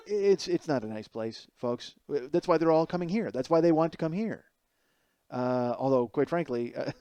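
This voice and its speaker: A man's voice: medium pitch, no room sound. A middle-aged man hosting a podcast, telling a comedic story with lots of swearing and acting out the people he quotes. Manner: profane, animated, acts out quoted people. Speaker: podcast host.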